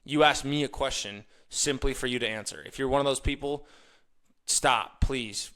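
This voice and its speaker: Bright-voiced man ranting on a podcast. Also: mid-range voice, moderate pace. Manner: animated, ranting, mimics others in quoted asides. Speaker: podcast host. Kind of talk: casual motivational monologue.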